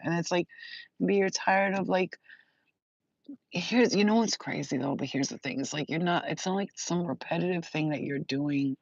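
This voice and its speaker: A woman's voice: low-pitched, normal speed, vocal fry, no room sound. Rambling young woman channeling, dull dry sound. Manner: rambling, emotional, swears and laughs a lot. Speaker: spiritual channeler. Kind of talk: casual intuitive reading.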